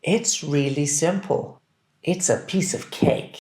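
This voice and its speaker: A man teaching English, reading phrases deliberately and clearly so that learners can repeat them. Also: a little high, a little mellow. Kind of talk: scripted language drill. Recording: roomy echo.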